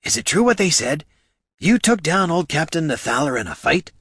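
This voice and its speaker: A raspy little male kobold rattles off wisecracks and grievances, as a man puts him on. The voice sits higher than the narrator's, gravelly and lively in its swings. It is a storybook voice heard close and dry. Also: no echo, exaggerated voice. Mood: curious. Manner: rapid wisecracking street talk, defensive. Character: raspy fast-talking male kobold purse performer, touchy.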